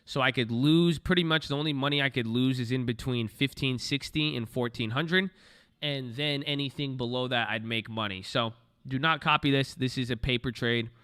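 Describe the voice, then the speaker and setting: A man's voice: mid-range voice, normal speed, sharp tone, clean tone. A young man trading stocks on a livestream, talking bluntly to his chat and swearing freely. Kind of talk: casual livestream commentary.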